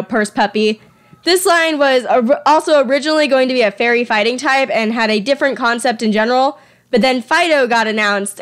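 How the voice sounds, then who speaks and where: Young woman rambling about her drawings, a bit high voice, laughs at her own slips. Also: fairly bright tone. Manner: chatty, self-deprecating, trips over words. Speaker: artist presenting her fan creature designs. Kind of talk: casual voice-over while drawing. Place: home.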